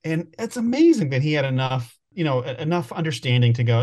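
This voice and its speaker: A man's voice: fairly high pitch, big pitch swings, fast talker, few pauses, a little mellow. A man co-hosting a podcast, chatting casually with frequent laughs and restarts. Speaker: podcast co-host. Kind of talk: casual chat.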